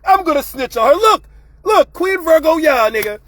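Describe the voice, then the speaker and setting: A man's voice: very high voice, expressive, moderate pace, a bit bright, no room sound. A man hosting his own show, ranting bluntly and profanely in a casual, fired-up monologue. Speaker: show host.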